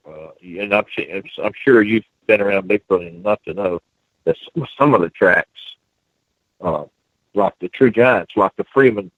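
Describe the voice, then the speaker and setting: Halting man on a tinny phone line. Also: fairly low pitch, no room sound. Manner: halting, many restarts and fillers. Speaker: guest researcher. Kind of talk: phone-in radio interview.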